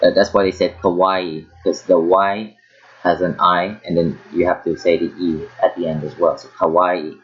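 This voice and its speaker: Low-voiced man teaching with halting repeats. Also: little pitch movement. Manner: halting, repeats words while demonstrating pronunciation. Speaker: language teacher. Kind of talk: casual online lesson. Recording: dull lo-fi sound with hair dryer noise behind. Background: hair dryer noise.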